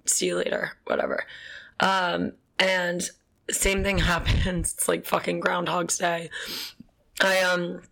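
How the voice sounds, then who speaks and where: Young woman vlogger, low flat voice with vocal fry, chatty and laughing through her story. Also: slow pace. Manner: chatty, frequent fillers and laughs, swears casually. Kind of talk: casual storytelling.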